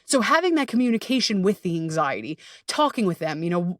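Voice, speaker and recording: A woman's voice: mid-range voice, sing-song, fast, few pauses, no room sound, studio quality, distant mic. A woman hosting a solo podcast and working as a coach, talking candidly and with energy, swearing freely and acting out bits of inner dialogue. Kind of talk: casual solo podcast talk.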